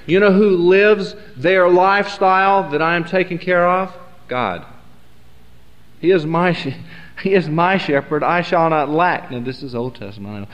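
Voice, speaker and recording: A man preaches with a notably high voice, pressing his points emphatically and circling back to fix his phrasing. The sound is dull and lo-fi, carried by the long echo of a large hall. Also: animated, normal speed. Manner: rambling, emphatic, self-correcting. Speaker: Bible teacher. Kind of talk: sermon.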